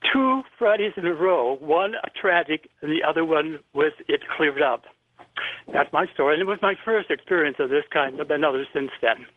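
An older man from Indiana tells a personal story as a radio caller, his fairly high voice coming over a tinny phone line. He speaks earnestly and vividly and clears his throat from time to time. The sound is dry and close. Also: no echo. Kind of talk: telling a personal story on a call-in radio show.

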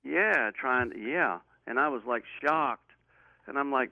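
An interview guest talks over a call in a gravelly, creaky voice. His earnest storytelling rambles and restarts often. The sound is thin and phone-like, with a dry, close quality. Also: mid-range voice, unhurried, no room sound. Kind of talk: personal storytelling in a remote interview. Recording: tinny phone-line audio.

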